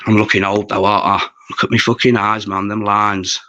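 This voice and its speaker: A man's voice: lowish voice, flat delivery, brisk, sharp tone, dull audio. A man, chatting casually and swearing freely while hosting a livestream. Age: 40s. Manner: rambling, sweary, chatty with viewers. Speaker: livestream host.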